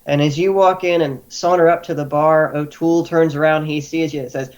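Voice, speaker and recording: A man narrating a tabletop game as game master, halting with many restarts. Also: a little high, steady tone.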